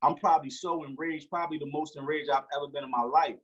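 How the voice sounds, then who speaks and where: Man, forties, interview guest, husky and fairly high, animated storyteller. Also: quick pace, lo-fi sound. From Newark, New Jersey. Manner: animated storyteller acting out quoted dialogue.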